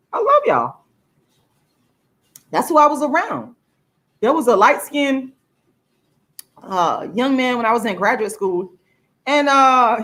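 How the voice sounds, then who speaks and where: A woman vlogger in a casual to-camera monologue, talking emphatically with plenty of swearing and her pitch jumping high for emphasis. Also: fairly bright tone. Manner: emphatic and profane, with laughs between points.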